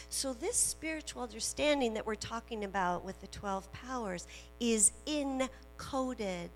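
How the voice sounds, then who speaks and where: Woman minister giving a sermon, slow and emphatic, long church echo, soft music and hum behind. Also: medium pitch. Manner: slow, emphatic preaching with repetitions. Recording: reverberant hall with faint music and hum.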